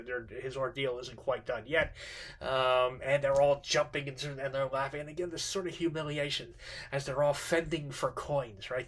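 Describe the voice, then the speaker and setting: Male teacher, middle-aged, bright tense tone; loose spoken lecture, stops and restarts often. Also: mid-range voice, a little hiss or hum. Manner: halting, many fillers and restarts. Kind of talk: informal literature lecture.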